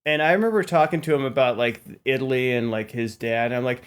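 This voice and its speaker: A man's voice: medium pitch, fairly quick, few pauses. A man co-hosting a comedy podcast, telling a story in a rambling way full of fillers. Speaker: podcast co-host. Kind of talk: casual comedic chat.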